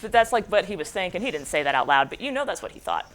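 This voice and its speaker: A woman's voice: lowish voice, sing-song, quick pace, fairly bright tone. A young adult woman giving a jokey, slangy, casual book summary as a book club presenter.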